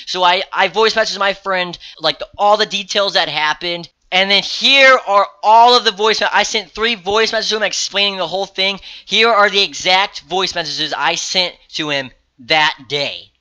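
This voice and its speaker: A teenage boy telling a story to camera in a casual, rambling way, swearing freely and getting excited. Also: high voice, normal speed, hardly any pauses, clean tone. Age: teens. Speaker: vlogger.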